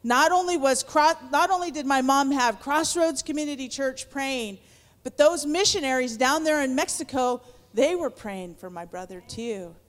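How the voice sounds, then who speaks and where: A woman's voice: high voice, moderate pace. A woman giving an earnest testimony in church. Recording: long hall reverb.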